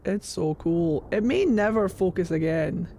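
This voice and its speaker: A woman streaming a video game, chatting excitably and swearing freely. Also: fairly low pitch, measured pace, vocal fry, slight background noise. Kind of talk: live gameplay commentary.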